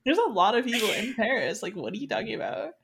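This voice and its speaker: A woman's voice: fairly high pitch, big pitch swings, quick pace, crowd noise. A woman guesting on a book podcast, chatting casually and laughing along, with a lot of "like.".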